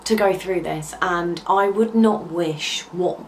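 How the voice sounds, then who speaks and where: A woman's voice: fairly low pitch, slow pace, slight background noise, poor audio. A young woman vlogger talking candidly to camera in a heartfelt, confiding way, with hesitant ums, at times near tears. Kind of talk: candid personal talk to camera.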